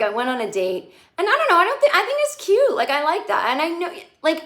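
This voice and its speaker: A woman's voice: mid-range voice, a bit bright. A woman comedian recapping a TV episode in a chatty, sarcastic way, swearing freely and acting out the characters' lines. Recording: echoey room.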